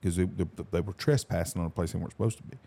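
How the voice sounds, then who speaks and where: Host guy rattling off crude stories fast, lowish mellow voice. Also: vocal fry, slightly rough. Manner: rapid, blunt, crude storytelling. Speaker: podcast host. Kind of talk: casual chat.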